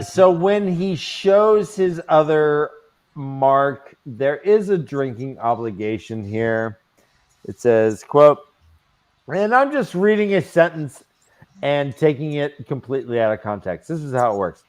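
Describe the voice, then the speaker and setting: A man's voice: fairly high pitch, lively intonation, slow pace, a little mellow, clean tone. A man hosting a casual book discussion podcast, reading passages aloud with playful mock voices and laughing often. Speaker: podcast host.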